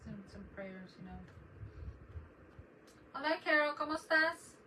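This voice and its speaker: A woman's voice: high voice, expressive, measured pace, sharp tone. A middle-aged woman hosting a crafting live stream, chatting casually and greeting viewers by name. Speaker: crafting channel host. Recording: distant mic with noticeable background noise.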